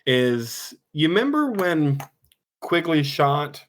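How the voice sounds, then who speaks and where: A man's voice: on the high side, very animated, slow. A man hosting a movie podcast, reading trivia and chatting casually with some swearing. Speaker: podcast host.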